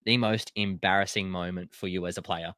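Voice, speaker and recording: This is a man hosting a podcast interview. He has a fairly low voice and asks his guests questions in an upbeat, friendly way. The recording sounds close and dry. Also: steady tone, fairly quick, bright, forceful tone, no echo. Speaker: podcast host.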